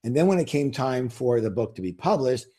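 A man's voice: medium pitch, big pitch swings, fairly quick, dark tone, breathy edge. A man, an author, talking as an interview guest in a casual, emphatic, salesy way, firing rhetorical questions at listeners.

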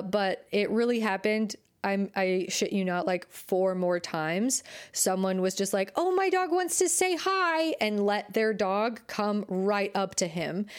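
Young woman host, chatty dog trainer vibe, lots of "like", mid-pitched, animated. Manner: chatty, frequent "like" fillers, animated quoted voices. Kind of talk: casual storytelling monologue.

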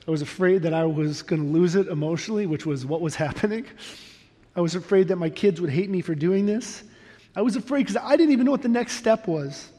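In a warm, high-pitched voice, this middle-aged man delivers a sermon as a pastor, recounting his own story with candor, earnestness, and self-mocking humor. A large hall's long reverb surrounds his words.

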